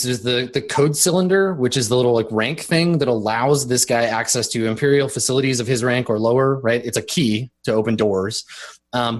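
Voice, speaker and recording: A man running a tabletop role-playing game as game master. His narration is casual and rambling, full of fillers and restarts as he sets each scene. His voice sits at a middling, ordinary pitch.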